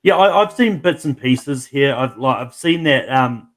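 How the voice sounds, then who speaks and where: A man's voice: medium pitch, animated, unhurried, fairly bright tone. Hesitant male panelist with many ums. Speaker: panel guest. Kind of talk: casual panel chat.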